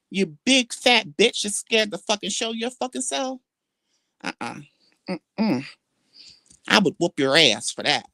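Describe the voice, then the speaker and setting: A brash woman rants on her own livestream, trash-talking and swinging her voice up and down with lively, animated pitch. Her voice sits fairly low for a woman. The sound is dry and close, with no room around it. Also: no echo. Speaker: livestream host. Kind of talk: casual livestream commentary.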